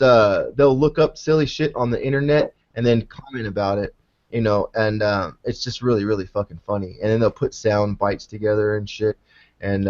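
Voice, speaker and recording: A man's voice: medium pitch, darkish tone, dull audio. A man hosting a casual podcast chat over a video call, laid-back and swearing freely, often tagging his sentences with "man". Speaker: podcast host.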